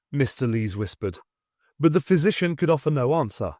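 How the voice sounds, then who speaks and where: A male narrator reading an audiobook aloud, with an expressive, lively pitch. The sound is dry and close, with no room around it. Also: normal speed, dry recording. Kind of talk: scripted narration.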